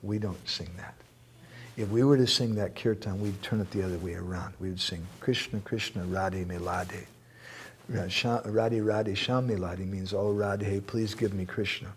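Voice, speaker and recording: A man with a lowish voice giving a spiritual lecture in a temple hall, answering questions from the audience. He talks in an animated way, reciting verses and joking now and then. A faint hum of noise sits behind him. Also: normal speed. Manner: animated, quotes verses, jokes and laughs.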